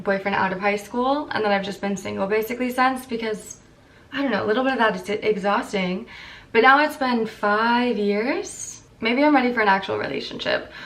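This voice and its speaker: Croaky young woman chatting to camera. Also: mid-range voice, fairly bright tone, far from the mic, slight background noise. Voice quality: croaky morning voice. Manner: rambling and candid. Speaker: vlogger. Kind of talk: casual chat to camera.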